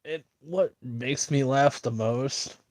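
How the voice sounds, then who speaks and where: A man's voice: medium pitch, takes it slowly, darkish tone, no room sound. A man rambling in a casual monologue, full of fillers and restarts, mocking the people he disagrees with. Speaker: streamer.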